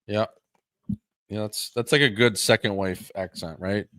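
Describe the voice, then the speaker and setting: A man's voice: lowish voice, steady tone, measured pace, a bit bright, no echo. A young man co-hosting a podcast, chatting casually and rambling with lots of fillers. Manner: rambling, profane, joking. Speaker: podcast co-host. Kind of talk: casual chat.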